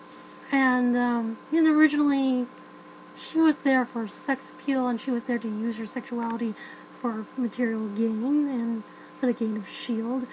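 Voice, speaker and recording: A woman's voice: fairly high pitch, steady tone, a little slow, a little mellow, a little hiss or hum, rough recording. A woman giving a frank, chatty spoken film review, full of fillers and restarts.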